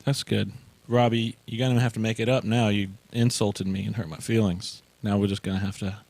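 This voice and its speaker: A man's voice: lowish voice, steady tone, fairly quick, creaky, darkish tone, no room sound. A man hosting a casual comedic talk show, teasing his guests and laughing often. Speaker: show host.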